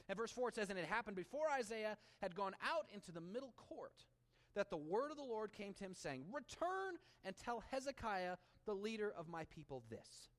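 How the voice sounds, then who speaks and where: Animated preaching man in a reverberant hall. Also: sits high, moderate pace. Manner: animated preaching, dropping to hushed intimate tones. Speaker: pastor. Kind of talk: sermon.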